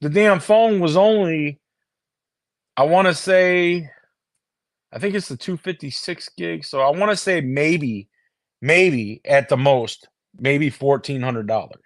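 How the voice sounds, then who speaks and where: A man's voice: on the high side, unhurried, fairly bright tone, dry recording, clean studio sound. A man from the US chatting casually to his viewers on a phone, swearing constantly and restarting his sentences. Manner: heavy swearing, restarts and repeated words. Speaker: streamer talking to viewers. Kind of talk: casual rambling chat.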